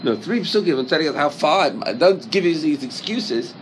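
A man's voice: a little high, lively intonation, moderate pace, a little hiss or hum, low-quality recording. A man teaching a Torah class in English, reciting Hebrew verses and asking many rhetorical questions.

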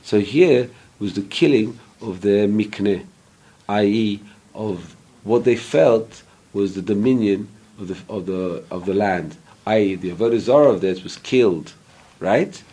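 A man's voice: lowish voice, mellow, husky. A man teaching an informal Bible class, explaining verse by verse and checking in with listeners, sometimes stopping to hunt for an English word. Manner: pauses to search for English words. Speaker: Torah teacher.

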